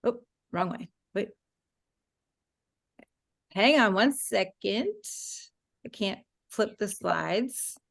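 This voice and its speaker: A woman presenting a talk with slides over a video call, rambling and warm, with many fillers. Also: mid-range voice, animated, extremely slow, vocal fry, pauses often. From Florida, USA. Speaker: guest speaker.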